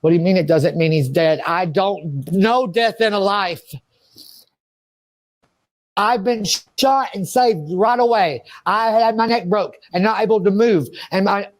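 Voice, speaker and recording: A man speaking in an interview, rambling and agitated, swearing and talking to himself. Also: sits high. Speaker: interview subject. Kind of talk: emotional interview monologue.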